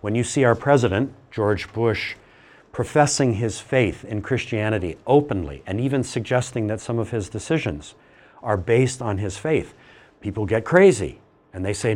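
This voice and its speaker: A middle-aged man giving a classroom lecture, animated and teasing, asking the class questions as he goes. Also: lowish voice, moderate pace.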